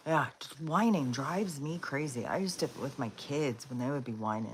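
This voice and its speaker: A woman's voice: extremely low pitch, lively intonation, normal speed, a little hiss or hum. A woman hosting a live stream, rambling casually and chatting to her dogs between thoughts. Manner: chatty and rambling, with frequent fillers and laughs; talks to her dogs in a coaxing voice.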